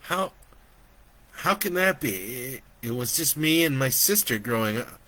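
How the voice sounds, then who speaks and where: Man doing a frantic hungover guy, swearing, stammering, raised pitch, slow. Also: expressive, bright, forceful tone. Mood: frightened. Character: hungover, foul-mouthed, reluctant grown man.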